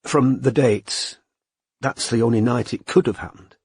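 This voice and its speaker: Strained young woman detective, husky and quiet, tight throat, read by a male narrator. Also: mid-range voice, a little slow, dry recording.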